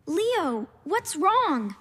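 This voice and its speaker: A woman voicing a sensible, bossy young girl in a slow cartoon story, scolding and urgent. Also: extremely high pitch, a bit bright, heavily acted. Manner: scolding, then urgent and frantic. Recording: reverberant room.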